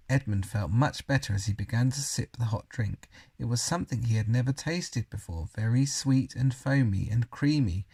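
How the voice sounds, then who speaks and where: A man reading a children's novel aloud at an everyday pitch, stumbling now and then and correcting himself. His voice is husky with a gravelly rasp. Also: mellow. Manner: unpolished reading, occasional slips and self-corrections. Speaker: reader.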